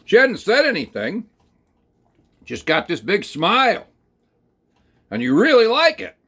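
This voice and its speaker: A man telling a rambling, folksy second-person story, talking slowly through it with plenty of hesitations and fillers. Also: sits high, wildly swooping pitch, fairly bright tone. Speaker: channel host.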